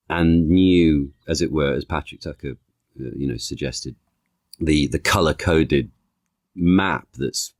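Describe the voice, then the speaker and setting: Man, very deep voice, dry close sound, halting thoughtful podcast guest. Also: a little mellow, no echo. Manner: thoughtful, halting, with frequent restarts and analogies. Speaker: guest, actor and author. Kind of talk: conversational podcast interview.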